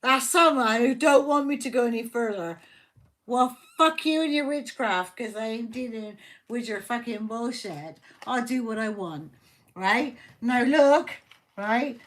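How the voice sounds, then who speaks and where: A woman reads tarot cards on a live stream, her voice sitting a little high for a woman. She talks slowly and deliberately, but she is fired up and swears almost every line. She speaks with fierce protectiveness toward the person the reading is for. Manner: heated, swears constantly. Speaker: tarot reader.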